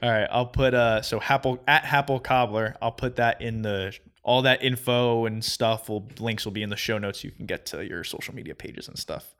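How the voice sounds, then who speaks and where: A man's voice: mid-range voice, normal speed, few pauses, a bit bright. A man hosting a podcast in casual chat, laid-back, laughing often and swearing freely. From New Jersey. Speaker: podcast host.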